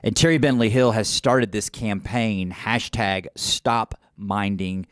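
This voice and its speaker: A man's voice: on the low side, slow, no room sound. A man hosting a studio interview show, reacting with emphatic repeats and short exclamations. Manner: emphatic, repeats key phrases, reacts often. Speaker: podcast host. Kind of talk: casual interview chat. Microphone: studio microphone.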